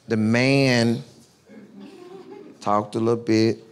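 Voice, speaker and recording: A male comedian from Texas telling a profane, animated stand-up story. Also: on the low side, moderate pace.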